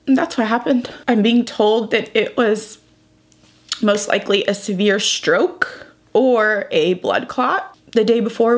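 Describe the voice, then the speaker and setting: A young woman vlogger, crying as she talks through a painful personal update. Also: mid-range voice. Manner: tearful, breaking up while retelling. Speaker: beauty vlogger. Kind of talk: emotional personal vlog.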